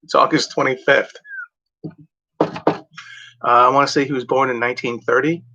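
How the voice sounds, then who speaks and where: Rambling bright-voiced man, lo-fi recording. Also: medium pitch, little pitch movement, normal speed. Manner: meandering, full of "like" and "you know", self-correcting. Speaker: vlogger. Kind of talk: casual rambling chat. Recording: dull lo-fi home recording.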